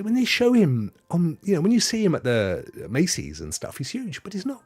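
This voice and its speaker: Guy chatting on his stream, husky voice, goofy rambly tall tales, faint music behind. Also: high voice, huge pitch swings, fairly quick, darkish tone, no echo. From Devon, England. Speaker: host. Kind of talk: casual livestream chat with viewers.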